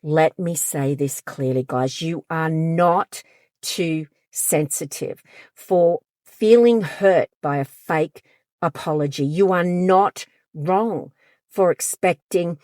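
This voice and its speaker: A woman's voice: sits low, takes it slowly, darkish tone, dry recording, studio quality. A woman counsellor talking directly to her audience in an emphatic advice monologue, sometimes acting out quoted lines. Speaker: counsellor and channel host.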